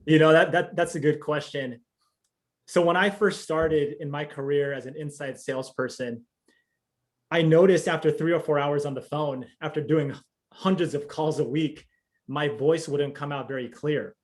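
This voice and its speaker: Contestant guy on a video call, kinda high voice, joking around. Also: steady tone, normal speed. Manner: playful, joking. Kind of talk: casual interview answers.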